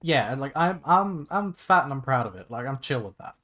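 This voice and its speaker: A young man chatting casually on a livestream while he plays a game, rambling and excitable, swearing freely and restarting his sentences. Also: mid-range voice, a little fast. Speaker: VTuber streamer. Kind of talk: casual gaming livestream chat.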